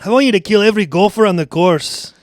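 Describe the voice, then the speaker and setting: A man's voice: sits high, quick pace, no echo, studio quality, voice pushed up, lightly acted. A man voicing an angry Scottish head groundskeeper who barks orders, with a put-on Scottish accent. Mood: furious. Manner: barking orders.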